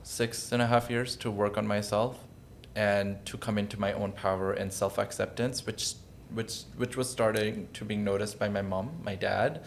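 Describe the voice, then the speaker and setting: A man's voice: fairly low pitch, fairly even intonation, normal speed, gravelly, slight background noise. A man in his thirties, a podcast guest, telling a personal story in an earnest, emotional, reflective way. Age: 30s.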